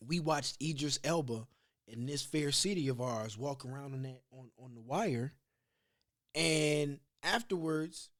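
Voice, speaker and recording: A man's voice: mid-range voice, measured pace, fairly bright tone. A man hosting a podcast, telling rambling, profane stories in casual chat. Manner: rambling storyteller, loose and profane. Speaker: podcast host.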